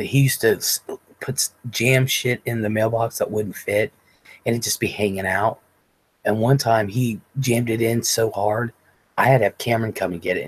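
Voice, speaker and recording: A man with a husky, slightly breathy voice sitting low in his range hosts a laid-back livestream. He rambles through stories, swearing freely as he chats with his viewers. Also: rough recording. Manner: rambling, profane storytelling. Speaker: livestream host. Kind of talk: casual livestream chat.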